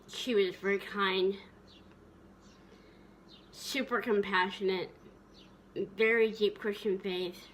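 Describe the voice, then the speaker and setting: A woman's voice: medium pitch, fairly even intonation, slow, pauses often, a bit bright, slight background noise. A woman vlogger reminiscing tenderly in a casual, rambling way, with many fillers and restarts.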